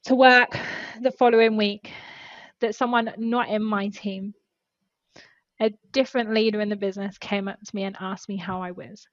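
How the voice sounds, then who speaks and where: A woman's voice: mid-range voice, fairly even intonation, moderate pace, no room sound, lo-fi sound. A woman, a podcast guest and former HR specialist, telling an earnest and emotional story in casual conversation.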